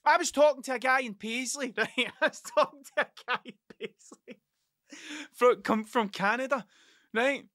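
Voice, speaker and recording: A Scottish man hosts his podcast in a loose monologue, swearing constantly and losing track of his point before circling back. His voice is bright and forceful. The sound is dry and close, with no room echo. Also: very high voice, normal speed. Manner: rambling, heavily profane, self-interrupting. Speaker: podcast host. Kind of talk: casual monologue.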